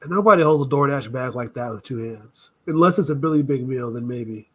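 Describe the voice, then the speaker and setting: A man's voice: medium pitch, animated, brisk, fairly bright tone, husky. A man hosting a casual reaction video, thinking aloud, rambling and correcting himself as he goes.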